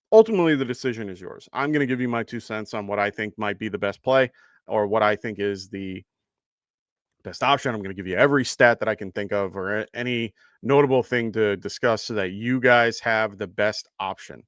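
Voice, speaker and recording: A man hosting a live fantasy football stream, chatty and quick to laugh as he thanks viewers. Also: mid-range voice, no room sound, studio quality. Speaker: fantasy football show host. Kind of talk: live-stream casual chat.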